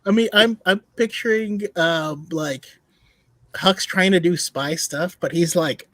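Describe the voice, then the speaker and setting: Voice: mid-range voice, unhurried, fairly bright tone, no room sound. Giggly podcast host reading comments. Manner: giggly, reads comments aloud. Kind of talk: casual chat.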